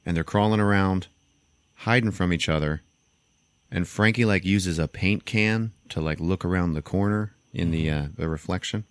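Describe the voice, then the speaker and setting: A man hosting a podcast, casually retelling a movie plot with animated storytelling and frequent swearing. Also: low voice, moderate pace, clear, resonant tone, no echo. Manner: animated storytelling, acts out quotes, swears freely. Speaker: podcast host.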